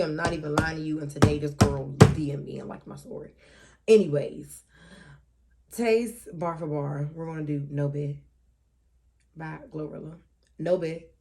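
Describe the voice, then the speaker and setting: A woman in her twenties hosting her own casual solo talk show, loose, profane and animated, with frequent asides. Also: deep voice. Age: 20s.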